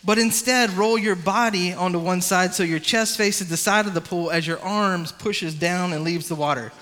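A man preaching a lively youth sermon, coaching a volunteer through swimming moves and calling on the crowd. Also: sits high, moderate pace, in a large hall, a little hiss or hum. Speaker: youth pastor.

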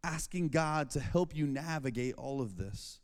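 A man, preaching a casual, jokey sermon to high school students and acting out family scenes. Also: lively intonation, unhurried, clear, resonant tone. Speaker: youth pastor. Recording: long reverb of a large hall.

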